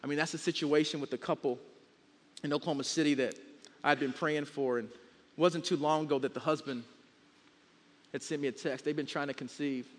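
A man's voice: a little high, fairly even intonation, a little fast, pauses often, slight background noise. A man preaching a sermon as a guest pastor, speaking emphatically and stretching words out to drive his point home. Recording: long hall reverb.

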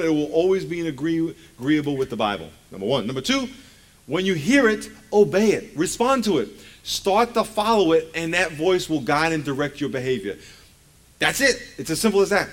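Emphatic man preaching a lively sermon. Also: a little high, fairly quick. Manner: emphatic, calls for congregation responses; conversational, with folksy asides. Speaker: pastor.

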